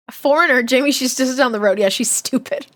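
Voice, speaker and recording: A woman's voice: sits high, fairly bright tone. A woman streaming a read-aloud of a children's book, breaking off for chatty, laughing asides. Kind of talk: livestream read-along with chat asides.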